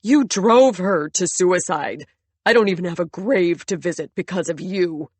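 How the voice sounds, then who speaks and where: A bitter, furious husband, as a woman reader puts him on in a storybook reading, speaking low and slow with venom in every word. The delivery is dry and close, with nothing of the room around it. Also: no room sound. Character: bitter, furious male husband in his prime.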